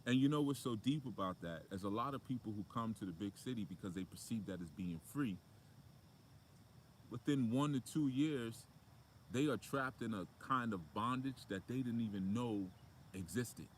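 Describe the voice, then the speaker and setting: A man with a low voice gives a casual spiritual talk outdoors. He preaches in a loose, conversational way, full of fillers and asides, with faint outdoor ambience around him. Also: expressive, normal speed, slight background noise. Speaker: spiritual motivational speaker.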